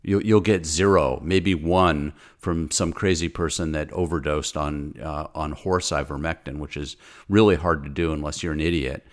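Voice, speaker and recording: A deep-voiced man ranting with heated insistence on a talk show. He is a physician, and his speech is forceful and repetitive, with stumbles and restarts as he drives each point home. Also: steady tone, normal speed. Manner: angry, insistent, repeats words. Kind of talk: impassioned talk-show rant.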